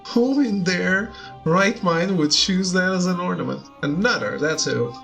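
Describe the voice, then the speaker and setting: A cocky young male thief from a game. He talks in a sardonic, prickly way, quick to brush things off. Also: sits high, vocal fry, fairly bright tone, faint music behind, full character voice. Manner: sardonic, defensive.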